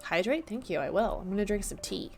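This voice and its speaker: A young woman chats casually to her stream from an apartment desk, teasing and joking at her own expense. Her voice sits at an ordinary middle pitch, with faint music playing underneath. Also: lively intonation, fast. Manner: chatty, playful, self-mocking. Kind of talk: casual live-stream chat.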